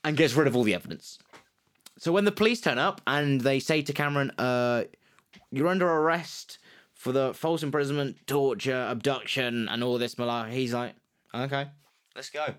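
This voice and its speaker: A man, casually telling a true-crime story on a podcast, animated and jokey, slipping into quick put-on voices. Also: mid-range voice, clear, resonant tone. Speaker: podcast co-host.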